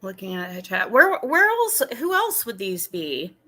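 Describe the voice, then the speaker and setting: A woman's voice: medium pitch, huge pitch swings, unhurried, sharp tone. A woman streamer giving drama commentary on a livestream, ranting in an exasperated, indignant way.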